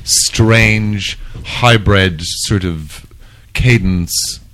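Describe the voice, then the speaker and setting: A man co-hosting a loose chat show, asking the guest questions. His voice is fairly low, and he teases by echoing what others say. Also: very slow, a bit bright. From Ireland. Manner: teasing, repeats phrases. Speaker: co-host. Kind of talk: casual interview banter.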